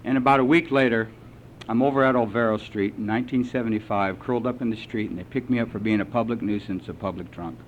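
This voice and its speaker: A man telling his recovery story to a meeting, salty and animated, with lively asides. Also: on the low side, fast talker, muffled recording, slight background noise. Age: older. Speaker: AA meeting speaker.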